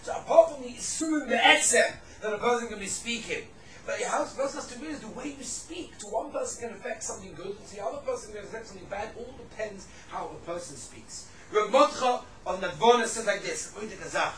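A man's voice: sits high, animated, brisk, far from the mic, a crowd in the background. A man giving a religious lecture on Jewish law and ethics. He tells stories with animation, repeats his phrases, and mixes Hebrew and Yiddish terms into his speech. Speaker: religious teacher. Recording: echoey room, mic set back, faint background noise.

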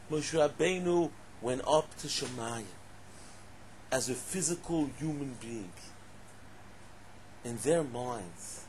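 A man giving a lively Torah class, asking rhetorical questions and breaking into loud exclamations. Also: medium pitch, slow, long pauses, breathy edge. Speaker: Torah teacher.

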